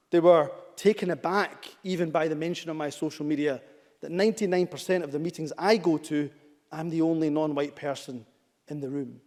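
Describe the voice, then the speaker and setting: A man in his thirties giving a measured, emphatic parliamentary speech, hammering points home in repeated lists. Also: a little high, a little mellow, big-room sound. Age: 30s. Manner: measured, emphatic, repetitive listing. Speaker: member of parliament. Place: parliament debating chamber.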